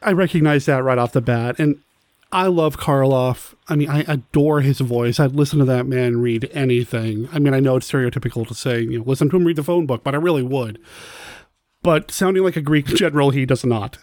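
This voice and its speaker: A man's voice: mid-range voice, brisk, darkish tone, no room sound. A man co-hosting a casual film podcast, agreeable and thoughtful, often chiming in with yeahs. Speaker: podcast co-host.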